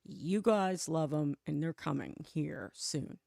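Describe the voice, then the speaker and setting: A woman's voice: deep voice, slow pace, gravelly, very noisy. A woman hosting a casual podcast chat show, talking freely and laughing often.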